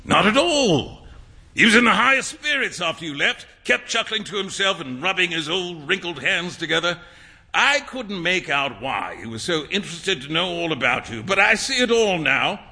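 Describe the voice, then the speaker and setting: Guy reading as a breezy amused painter, high bouncy voice, super bright. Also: moderate pace, breathy edge, full character voice. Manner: breezy, lively, laughing. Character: amused, worldly young male painter.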